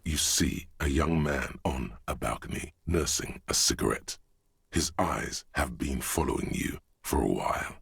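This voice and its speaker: A man voicing the measured inner narrator of a detective video game. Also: very deep voice, lively intonation, vocal fry, a bit bright, slightly rough, no echo, heavily acted. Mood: ominous.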